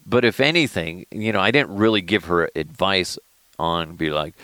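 A man hosting a casual solo podcast from inside a car, telling profane, animated stories and laughing often. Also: deep voice, moderate pace, no room sound. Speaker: podcast host.

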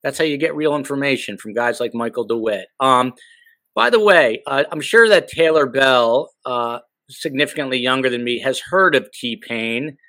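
Joking middle-aged podcast host, dry sound. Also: male voice, mid-range voice, moderate pace, pushed and bright, no room sound, low-quality recording. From New Jersey. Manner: joking, rambling asides. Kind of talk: casual podcast chat.

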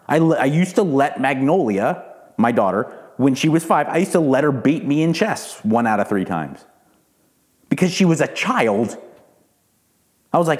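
Male podcast host in his forties, heated profane rant with a lively, swinging delivery. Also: mid-range voice, fairly quick. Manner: heated, profane, repeats words when worked up. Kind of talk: ranting monologue.

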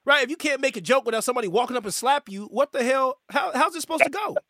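A man's voice: extremely high pitch, animated, fast, bright, forceful tone, dry recording, clean studio sound. A man hosting a casual interview, stumbling and restarting his questions. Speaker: podcast host.

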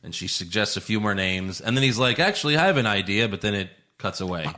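A man hosting a podcast, casually recapping an episode, animated, laughing often and acting out quotes. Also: lowish voice, fast. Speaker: podcast host. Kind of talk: casual chat recapping a show.

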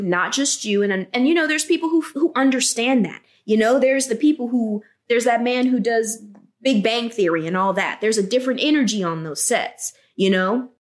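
A woman in casual podcast conversation, with a slightly high voice. She tells her stories in an animated, sassy way, acting out everyone's lines. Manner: animated storytelling, acts out dialogue, sassy. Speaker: guest.

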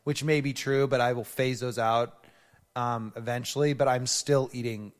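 A man co-hosts a casual podcast, talking close to a studio mic. He jokes around and pokes fun at himself. His voice sits at an ordinary middle pitch. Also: fairly even intonation, moderate pace, big-room sound. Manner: joking, self-mocking, playful. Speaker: podcast co-host. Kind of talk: casual chat. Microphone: studio microphone, close.

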